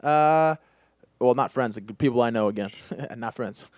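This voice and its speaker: A man's voice: mid-range voice, a little slow, darkish tone, no echo, studio quality. A man hosting a podcast in casual chat, gossipy and full of restarts as he talks. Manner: chatty, gossipy, hesitant restarts. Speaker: podcast host.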